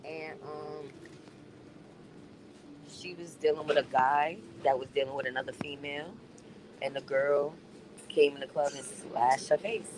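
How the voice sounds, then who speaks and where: A woman's voice: low voice, fairly even intonation, a little slow, pauses often. A woman from New chatting casually on a phone live stream, reading viewer comments, her voice muffled by a mask. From New York. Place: on a city bus. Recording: noisy phone recording on a moving bus.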